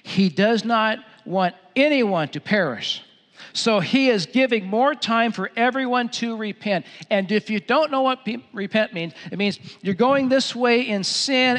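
A middle-aged man preaching a sermon as pastor in a church auditorium, telling stories in an animated way and repeating phrases. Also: very high voice. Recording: long hall reverb.

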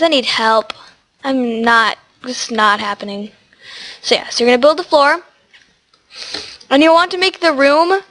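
A teen girl with a high, a bit bright but stuffy and sniffly voice hosts a gaming tutorial, chatting casually and rambling. Along the way she talks to the animals in the game.

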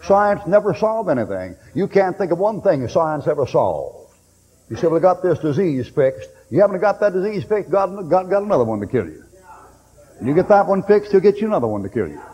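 A man preaching a fiery sermon in a folksy, blunt and joking way, with sudden shouts. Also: high voice, very animated, fairly quick. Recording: dull old recording with long hall echo and faint hiss.

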